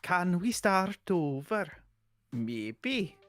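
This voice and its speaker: A man's voice: sits high, big pitch swings, extremely slow, fairly bright tone, no room sound, clean studio sound, pitched above the performer's own voice, exaggerated voice. A man voicing a young woman in a fluffy monster suit, in a jokey, sing-song mock Welsh accent that slips toward Geordie and Swedish. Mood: sheepish.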